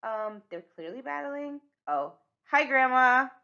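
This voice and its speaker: A woman's voice: high voice, expressive, takes it slowly, creaky, muffled recording, voice pushed up, heavily acted. A woman voicing an eager, rule-following young girl in a storybook, earnest and chirpy.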